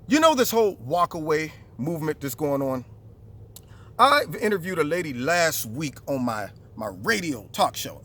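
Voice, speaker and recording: A man hosting a vlog, giving an animated, preachy political monologue outdoors on camera. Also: high-pitched. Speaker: vlog host. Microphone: camera recording himself.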